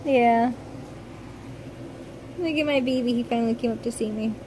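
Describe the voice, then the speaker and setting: A woman filming her family at home, chatting with her kids in playful baby talk that turns quiet and tired late at night. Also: a little high, moderate pace, slight background noise, rough recording. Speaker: mother and family vlogger. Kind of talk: casual home video chat.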